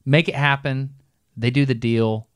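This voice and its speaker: A middle-aged man co-hosting a podcast, telling a long story in a casual, animated way and breaking into laughs as he goes. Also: mid-range voice, a little slow, clean tone, dry recording, studio quality. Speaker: podcast co-host.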